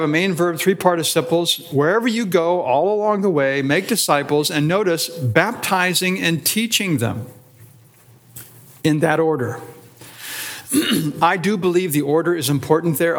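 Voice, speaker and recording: The pastor's voice sits a little high as he teaches adults in Sunday school. His style is deliberate, with stressed words in short listed phrases and questions meant to be rhetorical.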